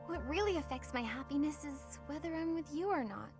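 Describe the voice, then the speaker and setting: An actress voicing a shy young woman in a video game, speaking in a halting, bashful way. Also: sits high, lively intonation. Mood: earnest. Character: shy young woman tearfully confessing love. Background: loud game music.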